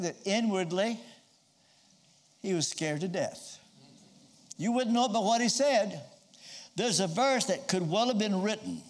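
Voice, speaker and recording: Male preacher, high and very animated delivery, dramatic storytelling sermon. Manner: storytelling, acting out quoted voices.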